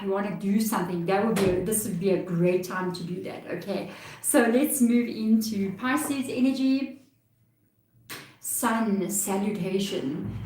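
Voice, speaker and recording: In an echoey room with a distant mic, a South African tarot reader speaks in a medium-pitched, slightly mellow voice. She laughs often while giving a chatty, reassuring live reading.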